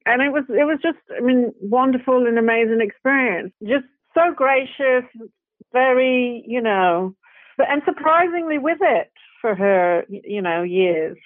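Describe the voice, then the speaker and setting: This guest actress from Britain has a slightly high, expressive voice and a measured pace, with no room sound. In a casual interview she talks chattily and rambles, peppering her speech with "you know," restarts and laughter, all heard through dry, tinny, phone-like audio.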